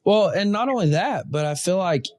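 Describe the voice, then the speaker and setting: A man hosting a casual hunting conversation, telling stories with lively acted-out quotes. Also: high voice, moderate pace, dry recording. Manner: animated storyteller, acts out quotes. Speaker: podcast host.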